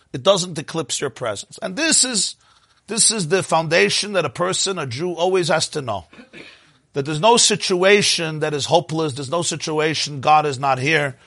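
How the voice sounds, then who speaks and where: A man teaching a sermon, telling stories in an animated way that climbs to emotional peaks. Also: fairly high pitch, dry recording, studio quality. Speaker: rabbi.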